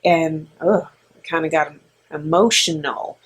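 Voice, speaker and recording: A middle-aged woman co-hosting with her son, telling a story in a rambling, animated way with lots of fillers. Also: deep voice, a little slow, slightly rough. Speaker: co-host and mother. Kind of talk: casual storytelling.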